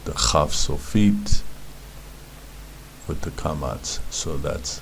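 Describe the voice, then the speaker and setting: An extremely low, creaky, level-toned male voice, a little slow and with some hiss or hum, guides beginners through the Hebrew letters. He repeats words and sounds patiently in his instructional explanation.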